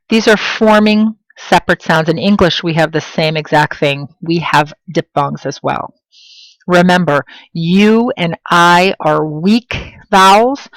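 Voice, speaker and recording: A woman teaching a video language lesson, pronouncing example words slowly and clearly and encouraging her students directly. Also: low-pitched, no echo, poor audio. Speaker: Spanish teacher.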